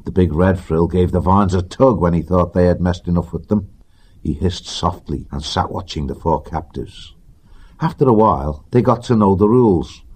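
Male audiobook narrator; deep, husky, steady pacing. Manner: measured, even storytelling.

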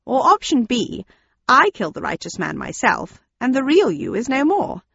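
A lady voicing a gloating sneery bad guy, pitched up and theatrical, dry dullish recording. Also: huge pitch swings, normal speed, creaky, fairly bright tone, breathy edge, no room sound, muffled recording, heavily acted. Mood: taunting. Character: smug, gleeful villainous man.

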